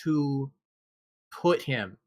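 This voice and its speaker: A man's voice: mid-range voice, animated, drawn-out words. A man co-hosting a casual gaming podcast, ranting with lots of profanity. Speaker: podcast co-host.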